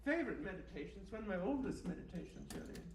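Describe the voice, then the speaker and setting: Woman, deadpan, rambling, absurdist guided meditation, live event, distant mic, roomy echo. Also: lowish voice, quick pace. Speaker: guest performer. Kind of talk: comic improvised guided meditation and chat. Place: live event in a bookstore space. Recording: roomy and distant, faint background noise.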